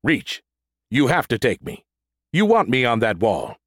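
A man's voice: medium pitch, huge pitch swings, a little slow, a bit bright, no room sound, clean studio sound, voice pushed up, heavily acted. A man voicing a boastful, sulky male combat robot who stutters as he glitches, in an audiobook. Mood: indignant. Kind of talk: audiobook character voice.

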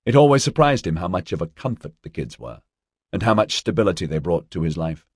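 A man reading a story aloud as an audiobook narrator, steady, lightly voicing the characters' dialogue. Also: deep voice, a little fast, husky, no room sound, clean studio sound. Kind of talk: scripted narration.

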